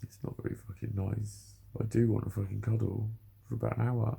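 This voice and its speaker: A man's voice: fairly low pitch, flat delivery, fairly quick, vocal fry, dark tone, husky. A man in his forties talking candidly and emotionally to camera, swearing heavily in a confessional monologue. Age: 40s. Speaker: vlogger.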